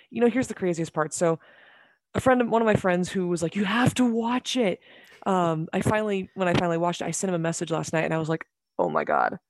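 A podcast guest in casual chat, excitable and gushing, talking in quick bursts. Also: mid-range voice, dry recording, studio quality.

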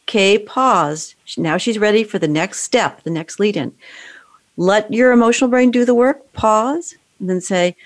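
A woman coaching someone through an emotional exercise, giving calm, directive prompts. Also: mid-range voice, unhurried. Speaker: emotional brain training coach. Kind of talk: guided coaching session.

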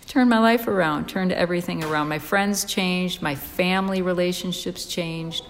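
A woman guest in an interview, telling her story in a lively, excitable way with frequent fillers. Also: lowish voice, normal speed, in a large hall, a little hiss or hum. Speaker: interview guest, dog rescuer.

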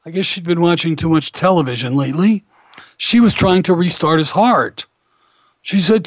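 A man hosting a radio talk show as a rabbi, telling anecdotes in a relaxed storytelling way. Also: a little high, normal speed, no room sound. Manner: warm anecdotal storyteller, animated when quoting others.

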